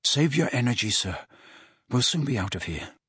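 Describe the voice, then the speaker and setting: An anxious, loyal teenage boy wizard, as a male narrator puts him on, panting and urgent. The voice is pushed higher than the reader's own, husky and dry. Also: very animated, moderate pace, fairly bright tone, no echo, full character voice. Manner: urgent, breathless, raised in pitch. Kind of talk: audiobook character voice.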